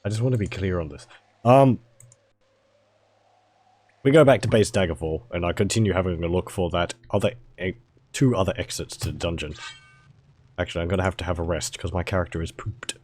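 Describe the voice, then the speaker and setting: Hoarse, mildly Australian male gamer. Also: deep voice, fairly quick, long pauses, a little mellow, dry recording. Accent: mild Australian. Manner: chatty, rambling, talks to chat viewers. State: hoarse, fading voice. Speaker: streamer playing a video game. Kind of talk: casual live-stream game commentary.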